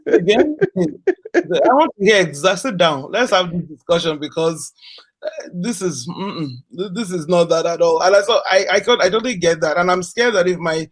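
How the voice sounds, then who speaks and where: A woman's voice: on the low side, expressive, normal speed. A middle-aged woman hosting a casual conversation, telling stories animatedly and laughing often. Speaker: host.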